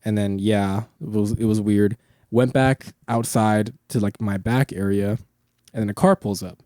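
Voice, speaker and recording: A man's voice: fairly low pitch, fairly even intonation, moderate pace, a little mellow, no echo, clean studio sound. A young man hosting a podcast, telling long rambling stories in casual chat, full of swearing and filler words. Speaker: podcast host.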